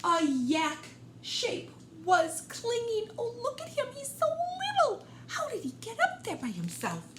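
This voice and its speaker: A woman librarian reading a picture book aloud for storytime, expressive and gentle, talking directly to young listeners. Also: very high voice, unhurried, hardly any pauses, a little hiss or hum. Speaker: children's librarian. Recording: roomy room echo.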